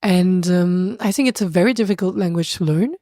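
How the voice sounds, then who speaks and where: A woman's voice: fairly low pitch, a little fast, no room sound, clean studio sound. A woman from France with a French accent, a podcast guest talking casually and animatedly, often groping for the right word. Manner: animated, searching for words, laughs often. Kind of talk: casual conversation.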